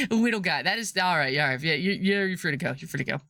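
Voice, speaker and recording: A giggly woman streamer chatting on a live stream, her pitch leaping all over as she rambles. Her voice is bright and clear, recorded close and dry with no room around it. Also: expressive, moderate pace, no echo. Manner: giggly and rambling, laughs often; playful, bursts into high squeals. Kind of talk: casual livestream chat.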